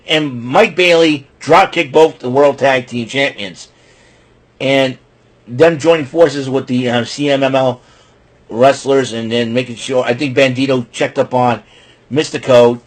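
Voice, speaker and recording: A man's voice: on the high side, slightly rough. A man hosting his own show, giving a rambling, exasperated rant in a wrestling recap. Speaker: show host.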